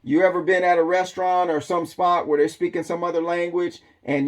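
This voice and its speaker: Slow-drawling man, somewhat high voice. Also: little pitch movement. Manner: loose, conversational, drawling with frequent ums. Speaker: survival channel host. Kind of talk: casual monologue to camera.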